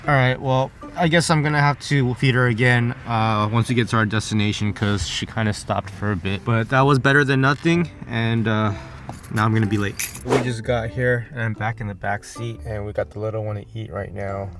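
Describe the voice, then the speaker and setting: A young man vlogging from his car and a clinic, talking earnestly to camera and softly to his baby. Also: fairly low pitch, steady tone, brisk. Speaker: father vlogging his baby's doctor visit. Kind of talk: casual vlog talk to camera. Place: parked car, then a clinic. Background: music.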